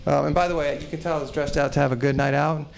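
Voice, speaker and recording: A man in his forties, from Texas, works through an improvised open mic set with a gravelly edge to his voice. His pitch sits a little high for a man. He talks in a loose, profane, self-deprecating ramble full of restarts. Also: steady tone, rapid-fire. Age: 40s.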